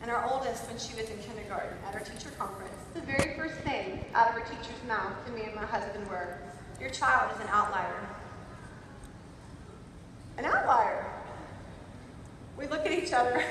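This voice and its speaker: Emphatic woman conference speaker, high pitch, heard distantly in a reverberant hall. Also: lively intonation, a little fast, a little hiss or hum. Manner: emphatic, swings from shouting to soft. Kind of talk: motivational speech. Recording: echoey hall, voice from far off.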